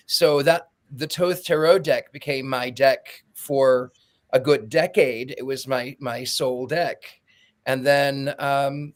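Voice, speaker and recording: A man in casual podcast chat, telling stories animatedly and acting out the quotes. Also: fairly high pitch. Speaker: podcast co-host.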